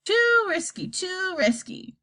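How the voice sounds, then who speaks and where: A woman voicing a cranky, ancient grandmother in an audiobook reading, shrill and scolding. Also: big pitch swings, slow pace, pushed and bright, exaggerated voice. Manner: shrill, crotchety.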